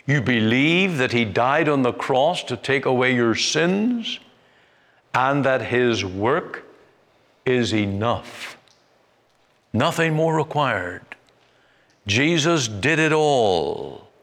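A man preaching a sermon in a measured, deliberate way, rising to emphatic peaks. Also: medium pitch, expressive, a bit bright. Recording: long reverb, like a church hall.

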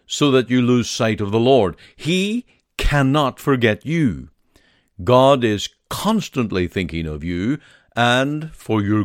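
A man giving a scripted devotional message, reading scripture and leading a prayer in a slow, measured, solemn way. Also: mid-range voice, dry recording, studio quality.

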